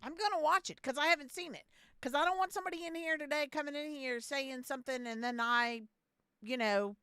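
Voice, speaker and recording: A woman's voice: on the high side, fairly bright tone, clean tone, no room sound, studio quality. A young adult woman streamer chatting casually on a live stream, blunt and profane, often repeating herself. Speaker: game streamer.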